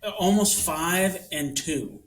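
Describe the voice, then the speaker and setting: A man's voice: sits high, slow pace. A man in his thirties co-hosting a podcast, easygoing in casual chat. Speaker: podcast co-host. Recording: distant mic with faint background noise.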